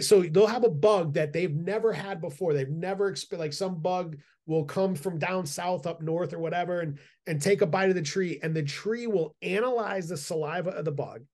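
Eager, rambling middle-aged man, fairly high. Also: darkish tone. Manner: eager and rambling, with many restarts. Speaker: guest. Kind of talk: casual podcast conversation.

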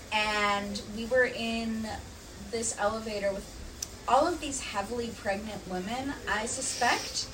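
A young woman, a podcast guest, telling stories in a casual, animated way with many "um"s and "like"s. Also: on the high side. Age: young adult. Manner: animated storytelling, filler "um" and "like". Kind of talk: casual chat. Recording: distant mic, faint background noise.

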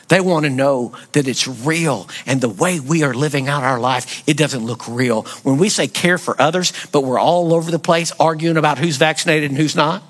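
A male pastor delivers a sermon, his fairly high voice climbing as he presses the congregation with question after question. He preaches with fervor, sometimes almost shouting, then drops low for emphasis. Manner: impassioned preaching with rhetorical questions, rising to near-shouts. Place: church sanctuary.

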